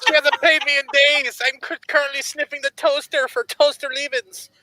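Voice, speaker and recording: A performer putting on an exaggerated Latin American accent for a loud, goofy comic character who demands money and tacos. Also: high-pitched, little pitch movement, a little fast, heavy background noise, lightly acted. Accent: put-on exaggerated Latin American accent. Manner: loud, goofy, over-the-top shouting. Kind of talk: comic improvised bit on a livestream.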